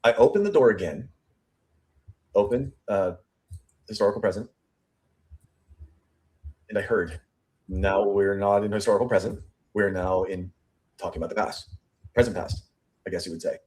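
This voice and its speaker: Going through a witness statement piece by piece on his true crime show, a man with a somewhat low, fairly even voice thinks out loud. He repeats and restarts words while hunting for the right one, reading quoted lines back slowly and then hurrying through his comments.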